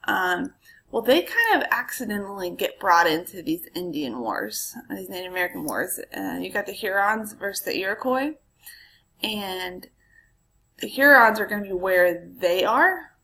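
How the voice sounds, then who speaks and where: A woman's voice: mid-range voice, big pitch swings, unhurried, pushed and bright, poor audio. A woman history teacher giving a casual recorded lecture, chatty and full of ums, with asides to her students.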